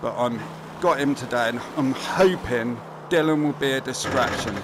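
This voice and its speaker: A man's voice: medium pitch, normal speed, background noise. A man giving casual, chatty gameplay commentary; he swears freely and often mutters to himself. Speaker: gaming commentator.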